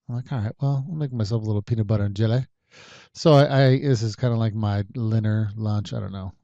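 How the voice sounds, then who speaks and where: A man in his thirties chats alone on his podcast in a relaxed, rambling way, full of fillers, self-corrections and wry asides. His voice is mellow and dark-toned. The recording is dry and a little muffled. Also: mid-range voice, no room sound. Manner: rambling, many ums and restarts, wry storytelling. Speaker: podcast host. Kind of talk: casual solo podcast chat.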